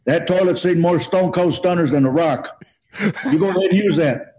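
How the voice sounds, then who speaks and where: A man telling an animated comic story as a guest, acting out what people said. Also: a little high, normal speed. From Mexican heritage. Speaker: guest comedian. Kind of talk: storytelling on a podcast.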